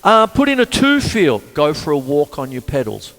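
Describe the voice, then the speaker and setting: An older man hosting a casual drum lesson, chatty and singing rhythms out loud as he plays. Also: a little high, wildly swooping pitch, normal speed, over music. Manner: chatty, sings rhythms aloud. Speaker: drum teacher and show host. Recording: reverberant room with drums.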